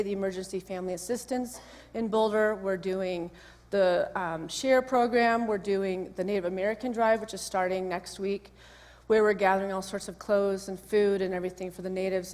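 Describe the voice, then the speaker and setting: Woman, associate minister, casual sermon, friendly asides, long church reverb. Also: mid-range voice. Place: church sanctuary. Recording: long echo of a church hall.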